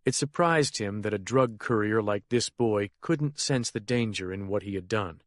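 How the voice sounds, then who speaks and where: A man reading a crime thriller in a steady, measured narration. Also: fairly low pitch, no room sound, clean studio sound. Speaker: audiobook narrator. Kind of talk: scripted narration.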